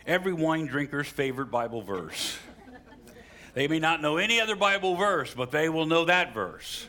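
Bright-voiced male pastor preaching. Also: fairly high pitch, moderate pace. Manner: animated preaching with sudden rises for emphasis and asides to the congregation. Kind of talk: sermon.

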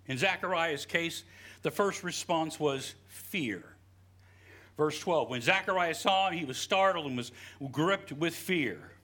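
A middle-aged West Virginia pastor preaches a sermon through folksy, joking stories, dropping "you know" again and again. His male voice runs on the high side, pushed and bright.

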